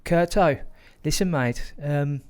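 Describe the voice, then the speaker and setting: A man's voice: on the high side, takes it slowly, darkish tone, clear, resonant tone. A man voicing his cheery, jokey friend with a Birmingham accent, in a matey, upbeat way. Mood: chirpy.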